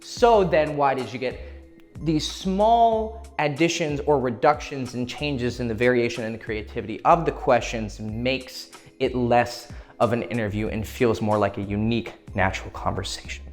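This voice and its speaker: A man's voice: mid-range voice, moderate pace, hardly any pauses, soft background music. A man coaching on dating in a casual, profane way, acting out short quoted exchanges as he explains. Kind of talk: instructional talk to camera.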